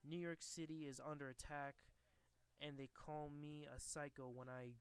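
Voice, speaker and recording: A man reading aloud the lines of a gruff, ranting male newspaper boss from a comic, in a flat delivery close to his own voice. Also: on the high side, moderate pace, lightly acted. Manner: flat read-aloud delivery, little put on.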